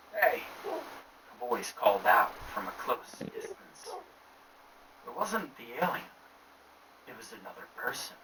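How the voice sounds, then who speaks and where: Guy reading a creepy story low and hushed, sounds far from the mic with hiss behind. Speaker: horror story narrator. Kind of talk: scripted narration. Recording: distant mic with clear noise.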